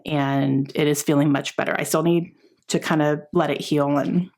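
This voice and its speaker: A woman vlogger chatting casually to camera about books, often laughing and filling pauses with "um". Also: sits low, fairly even intonation, darkish tone. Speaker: book vlogger.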